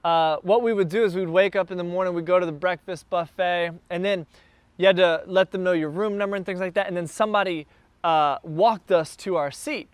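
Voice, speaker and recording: A man who is a church planter, telling a casual, animated story to a group gathered in a backyard. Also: sits high, brisk, smooth, no room sound. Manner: animated, builds excitement as the story goes on. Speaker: church planter addressing his launch team.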